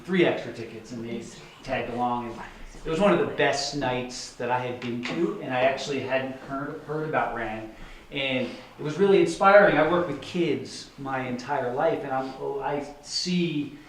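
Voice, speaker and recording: A sincere man who works with kids shares why he came to the benefit, in a halting, enthusiastic way. His voice is mid-pitched for a man and picked up from far across the room. The hall gives it a heavy, roomy echo. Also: a little hiss or hum. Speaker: teacher bringing students. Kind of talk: informal event remarks. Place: large echoey event room. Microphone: distant room mic. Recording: echoey room, distant mic.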